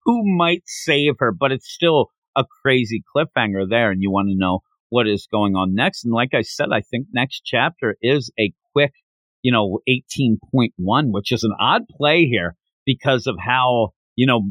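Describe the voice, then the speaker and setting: On his podcast, a man of medium pitch and moderate pace walks through a manga chapter in a casual, lively way. He performs each character's dialogue, and the audio is dry.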